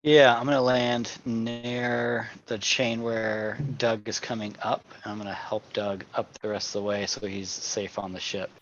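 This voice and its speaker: A man playing a tabletop game who talks in an unhurried, teasing way. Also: on the low side, level tone, fairly bright tone, muffled recording, slight background noise. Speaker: player.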